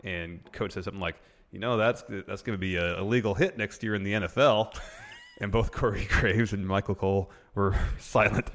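Deep-voiced man calmly running down segments. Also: a little fast. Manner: steady, runs through the show's segments. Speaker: co-host. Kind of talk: casual wrestling recap chat.

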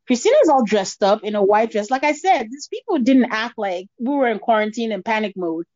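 Woman, fairly high voice, animated podcast host who acts out quotes, dull dry lo-fi sound. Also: fairly quick, dry recording. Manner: animated storytelling, acting out quotes with a laugh. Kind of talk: casual chat recapping a reality show.

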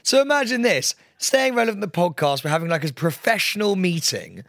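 With a high, creaky voice, this podcast co-host relates an anecdote in loose chat, swearing liberally and lively imitating what others said. The recording is studio quality with no echo.

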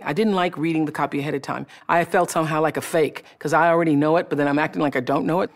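A woman telling stories from her own career in an animated, expressive way. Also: low voice. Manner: animated, expressive, acts out remembered voices. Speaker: television personality recounting her career. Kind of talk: personal storytelling talk.

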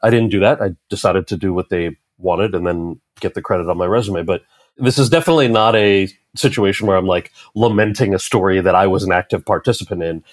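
A man's voice: deep voice, fairly quick, dry recording. A man in his thirties, an actor telling a story in an interview, acting out the lines of the people in it. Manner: animated storyteller, acts out quoted dialogue. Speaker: actor and author, interview guest.

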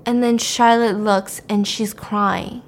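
A woman casually recapping a horror movie as a storyteller, animated and profane, often breaking into laughter. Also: mid-range voice, takes it slowly, slight background noise.

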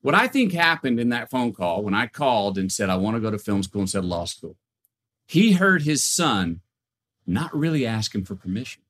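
A man who is a guest on a podcast, talking in a casual, animated storytelling way with frequent restarts and repeated words. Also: lowish voice, moderate pace.

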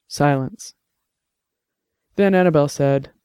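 Mellow, smooth male audiobook narrator. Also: mid-range voice, normal speed, dry recording, studio quality.

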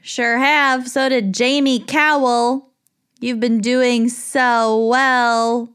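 A woman's voice: on the high side, flat delivery, very slow, fairly bright tone, smooth. A woman co-hosting a podcast, thanking patrons with jokes, giggles and stumbling restarts. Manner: giggly, joking, self-interrupting. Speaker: podcast co-host. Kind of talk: casual chat reading patron thanks.

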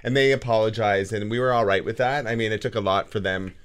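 A man's voice: fairly low pitch, fairly even intonation, fast talker, clear, resonant tone. A man who is a guest on a parenting talk show, explaining things casually with hesitant restarts. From Canada. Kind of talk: casual interview chat.

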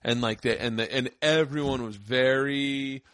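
A man's voice: mid-range voice, measured pace, dry recording. A man from the United States hosting a podcast, telling stories in casual chat with lots of swearing and put-on voices. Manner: profane, animated storytelling with put-on voices. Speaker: podcast host.

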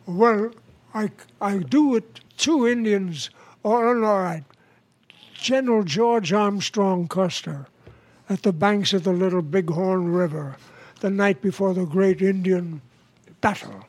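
An old comedian in his nineties, telling jokes at home with a slow, unhurried pace. His voice sits high for a man, and he chuckles at his own punchlines. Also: no echo. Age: 90s. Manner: relaxed storyteller, laughs at his own punchlines. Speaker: interview guest, comedian.

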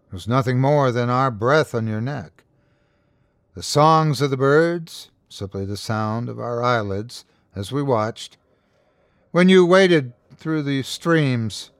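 Ancient horned inhuman being, put on by a male narrator, calm, curious, slow, menacing, dry. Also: mid-range voice, no echo.

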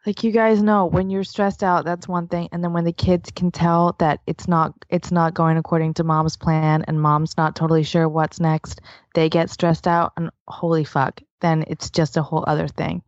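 A woman with a lower voice chats casually and responds with empathy and frequent exclamations. The sound is dull and lo-fi, dry and close. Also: little pitch movement, normal speed, no room sound. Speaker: podcast co-host. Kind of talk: casual chat.

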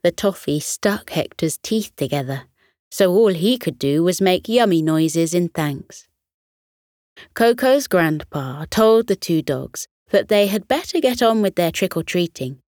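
Slow, soothing bedtime storyteller woman. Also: on the low side, no echo, clean studio sound. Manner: gentle, soothing, expressive.

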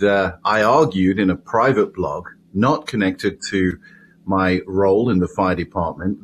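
A middle-aged man from the United Kingdom, a chaplain answering interview questions in a measured, hesitant way with many pauses. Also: low voice, a little hiss or hum. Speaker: guest, volunteer chaplain.

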